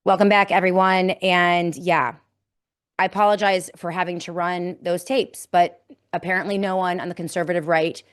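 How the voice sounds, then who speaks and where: A woman's voice: fairly low pitch, little pitch movement, normal speed, clean tone. A woman hosting a political commentary podcast, talking emphatically and reading quotes aloud with indignation. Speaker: podcast host.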